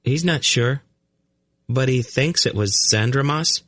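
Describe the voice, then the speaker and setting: A man voicing a calm, uncanny boy. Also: medium pitch, takes it slowly, dry recording, studio quality, voice pushed up. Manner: calm, matter-of-fact explaining. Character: uncanny mind-reading blond boy, calm. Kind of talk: audiobook character voice.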